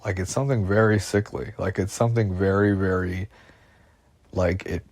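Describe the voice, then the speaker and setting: A man with a very low voice talks through an anxious, rambling monologue. He swears often and loops back over the same worries. The sound is dry and close, like a phone voice memo. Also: fairly even intonation, normal speed, darkish tone, dry recording. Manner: anxious, agitated, profane, repeats himself.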